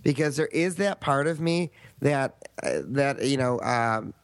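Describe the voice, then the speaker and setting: A man's voice: medium pitch, lively intonation, measured pace, smooth, dry recording, clean studio sound. A man co-hosting a casual comedy podcast, reading news with wry joking asides. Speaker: podcast co-host.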